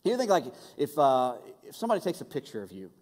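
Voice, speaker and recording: A man preaching a conversational, animated sermon and acting out the voices he quotes. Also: a little high, fast. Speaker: pastor. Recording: long hall reverb.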